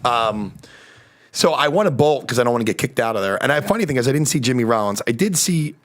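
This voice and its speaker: This man, medium in pitch and quick in pace, recounts a comedic story in casual podcast talk. He's lively, drops swear words freely, and acts out each person he quotes.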